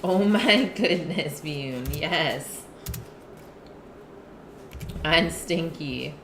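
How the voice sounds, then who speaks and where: A woman talks casually to her stream chat while she eats, pausing between bites to read messages. Her voice sits a little low for a woman. The sound is roomy, with clear background noise in a home kitchen. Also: expressive. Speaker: live-stream cooking host.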